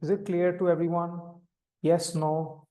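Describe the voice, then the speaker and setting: A man with an Indian English accent leads a meditation class, explaining each step calmly and simply. His voice sits fairly high for a man. It comes through a video call. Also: measured pace. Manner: calm, step-by-step instructing, demonstrating vocal sounds. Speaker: meditation teacher. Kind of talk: live online meditation instruction.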